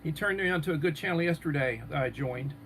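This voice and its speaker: A man's voice: fairly high pitch, quick pace, fairly bright tone, slight background noise. A man hosting a live stream, chatting casually and rambling as he answers viewers' comments. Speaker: livestream host.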